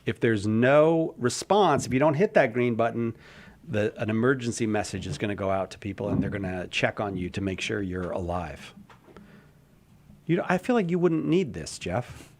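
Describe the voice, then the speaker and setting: A man hosting a radio talk show in casual studio chat, explaining things in a relaxed way and teasing his colleagues. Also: on the low side, normal speed, slight background noise.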